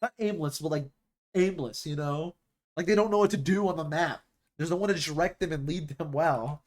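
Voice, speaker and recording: A man's voice: a little high, a little fast. A young man streaming, chatting casually and rambling about esports rosters, restarting his sentences often.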